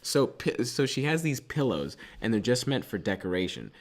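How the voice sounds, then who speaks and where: A man's voice: medium pitch, very animated, normal speed. A teenage man co-hosting a podcast, telling a rambling story and pushing on through interruptions. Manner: rambling storyteller, keeps pushing on with side stories. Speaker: podcast co-host. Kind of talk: casual chat.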